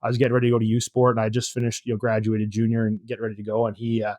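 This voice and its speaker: Rambling football coach, dry sound. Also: male voice, fairly low pitch, monotone, racing, a little mellow, no echo. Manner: rambling anecdotes with many fillers and restarts. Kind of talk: casual podcast storytelling.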